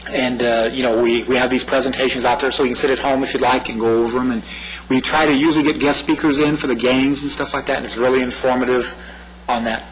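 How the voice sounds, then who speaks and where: A man's voice: mid-range voice, steady tone, fast talker, low-quality recording. A man giving a community presentation on public safety, talking in a loose conversational way that often checks in with "right?". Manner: conversational, repeats himself, asks "right?". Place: meeting room.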